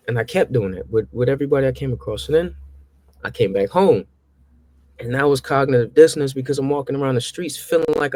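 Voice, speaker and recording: A young man tells stories in a relaxed chat. He acts out his old conversations, his voice jumping high as he plays them back. The sound is dry and close. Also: no echo. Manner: animated, acts out his own past exchanges with rising pitch. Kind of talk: casual storytelling.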